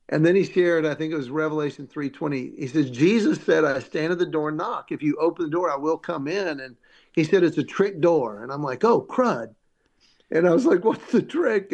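Guy telling a story w lots of energy, slightly higher voice, jumps into other people's voices. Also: fairly quick, lo-fi sound. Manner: animated, acts out quoted voices. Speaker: comedian guest. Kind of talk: storytelling interview.

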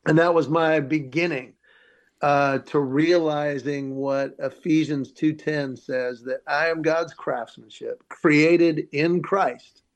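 Male comedian guest, lively storyteller, voices in his quotes, a little high-pitched. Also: slow. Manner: animated, acts out quoted voices. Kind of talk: storytelling interview.

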